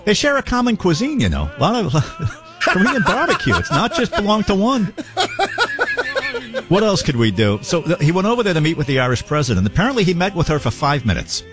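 A man's voice: high voice, huge pitch swings, a little fast. A man hosting a talk show, riffing jokingly on the news with laughs. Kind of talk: comedic commentary.

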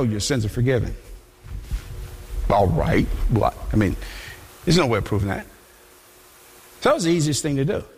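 High-voiced animated preacher. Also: male voice, husky. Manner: animated, conversational, repeats words. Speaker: pastor. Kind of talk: sermon. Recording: long hall reverb.

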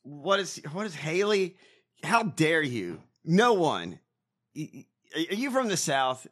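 A man's voice: a little high, sing-song, slow, a bit bright. A man co-hosting a casual political chat, ranting and mocking with lots of swearing. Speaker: podcast co-host.

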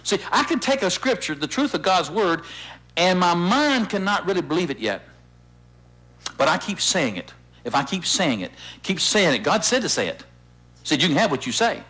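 A man preaching as pastor, leading his congregation in repeating lines, animated and insistent. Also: normal speed, slightly rough. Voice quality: animated, swooping pitch when stirred. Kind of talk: sermon with call-and-response.

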